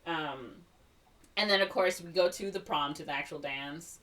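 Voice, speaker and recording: A woman's voice: deep voice, normal speed, fairly bright tone, far from the mic. A woman co-hosting a podcast, retelling a movie in a casual chat, heavy on filler words and acting out the characters' lines. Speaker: podcast co-host.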